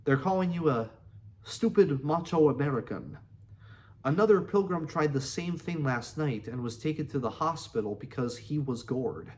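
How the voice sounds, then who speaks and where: A man doing a calm French guide. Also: fairly high pitch, normal speed, a little hiss or hum, close to an everyday voice. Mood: matter-of-fact. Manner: calm, explaining.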